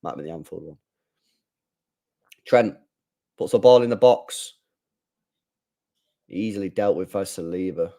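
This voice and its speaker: A man hosting a live football watchalong, chatting casually, reading viewer comments and getting loud when play heats up. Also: low voice, a little slow, pauses often. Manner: chatty, swings from mumbling to excited shouting. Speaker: live stream host.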